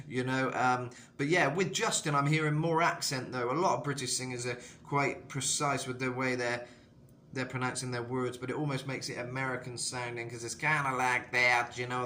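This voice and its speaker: A man with a slightly rough throat giving a casual, rambling singing tutorial as a vocal coach, full of "you know". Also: medium pitch, little pitch movement, moderate pace, bright, forceful tone, slight background noise. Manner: rambling, lots of "you know", jumps into sung demos.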